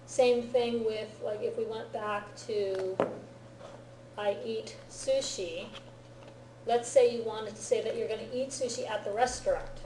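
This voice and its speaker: A woman's slightly high, mellow voice explains grammar to her students in a classroom lecture. She keeps checking that they follow her, and the room around her is roomy and echoey. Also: steady tone, measured pace, slight background noise. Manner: checks understanding often with "right?" and "okay?". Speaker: Japanese language teacher.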